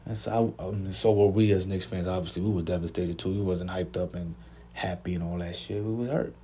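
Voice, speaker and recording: A man's voice: sits low, fairly even intonation, fairly quick, warm tone, slight background noise. A man hosting a casual sports podcast, laid-back and slangy, often repeating himself. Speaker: podcast host.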